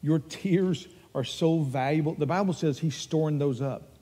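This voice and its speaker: A man's voice: on the high side, normal speed, dark tone, husky, big-room sound. An older man with a Texan accent preaching a sermon as pastor, earnest and emphatic as he tells stories.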